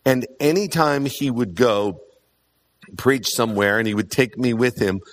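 A man of middle pitch delivers a sermon with earnest conviction. He drives his points home through repetition. He often fills his pauses with a soft "uh". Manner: earnest, emphatic repetition, frequent "uh" fillers. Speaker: preacher.

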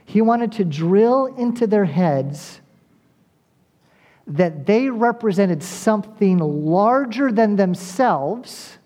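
Preacher, mid-pitched and mellow, earnest sermon delivery with direct, repetitive appeals. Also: animated, takes it slowly. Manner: addresses listeners directly. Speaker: pastor.

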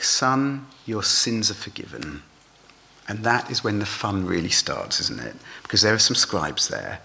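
Animated preacher man. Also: fairly low pitch, gravelly. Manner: animated, asks listeners rhetorical questions. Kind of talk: sermon.

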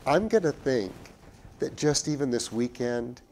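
A man's voice: medium pitch, expressive, a little slow, a little hiss or hum. Earnest preaching man with surging emphasis. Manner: earnest, building to emphatic peaks then dropping to quiet; restarts and repeats phrases while preaching. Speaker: pastor. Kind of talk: sermon.

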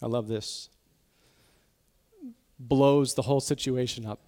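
A man pastor giving a sermon in a conversational, emotional way, sometimes dropping to soft, intense tones. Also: medium pitch, fairly even intonation, slow. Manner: conversational preaching, acts out quoted voices.

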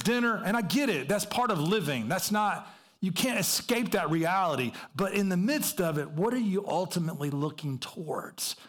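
A man's voice: sits high, slight background noise. A middle-aged man preaching a sermon in a conversational, storytelling way, often restarting his sentences. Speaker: pastor.

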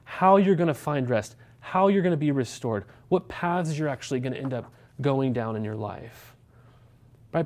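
Warm-voiced pastor preaching. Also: male voice, fairly high pitch. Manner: conversational preaching, frequent rhetorical questions and "right?". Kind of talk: sermon.

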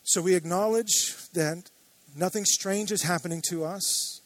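A man's voice: high voice, unhurried, no echo. A man preaching a sermon as pastor, earnest and building to emphatic declarations.

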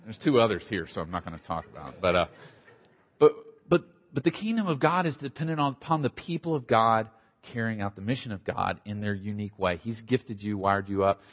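A middle-aged man, a pastor, giving a conversational conference talk with quick asides and a slight Southern accent. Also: on the low side, lively intonation. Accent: slight Southern American. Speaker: pastor and church planter. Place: conference hall. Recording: dull audio in a large hall.

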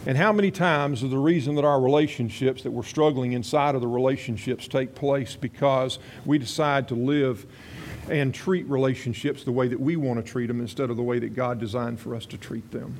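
A man's voice: mid-range voice, steady tone, brisk, darkish tone. Folksy male preacher telling a story. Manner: folksy, conversational, rambling asides. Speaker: pastor. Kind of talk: sermon with storytelling.

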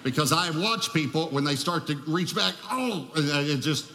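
A man's voice: a little high, expressive, normal speed, sharp tone. A man preaching a sermon as pastor, emphatic, repeating key phrases and putting questions to the congregation. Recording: long hall reverb.

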